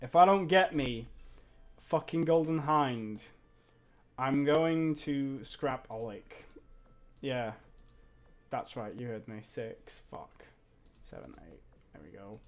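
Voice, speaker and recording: A young man streaming a mobile game, swearing and ranting, dropping to mumbles and then shouting. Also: medium pitch, unhurried, long pauses, soft background music. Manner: foul-mouthed, ranting, swings between mumbling and yelling. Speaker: gaming streamer. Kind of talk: casual live-stream commentary.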